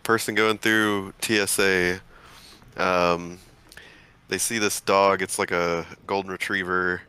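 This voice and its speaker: A man's voice: deep voice, flat delivery, slow, pushed and bright, smooth. A young man telling a secondhand story in casual chat, sardonic and exasperated.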